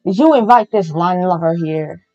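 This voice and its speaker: A performer voicing a suspicious male pirate fox animatronic in a fan-made game roleplay, talking in slow pirate speech. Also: medium pitch, warm tone, lightly acted. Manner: pirate talk, slow and guarded. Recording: slightly muffled with faint music.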